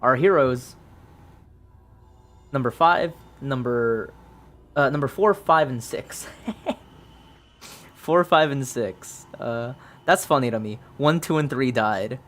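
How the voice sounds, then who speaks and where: Slow, mumbling man narrating a solo game. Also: medium pitch, lively intonation, a bit bright. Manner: muttering through dice rolls, thinking aloud with many ums. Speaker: solo tabletop game player.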